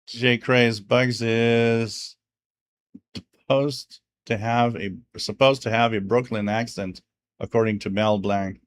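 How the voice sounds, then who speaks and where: A man's voice: medium pitch, fairly even intonation, slow pace. A French Canadian man, a native French speaker, hosting a live stream. He chats casually, reads viewer comments aloud and laughs often between fillers. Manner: chatty, laughs often, many fillers like "you know". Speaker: livestream radio host.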